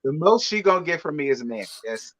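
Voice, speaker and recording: A man's voice: a little high, big pitch swings, fast talker, a bit bright. A man, joking bluntly in a slangy, casual chat. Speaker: co-host. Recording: lo-fi remote audio.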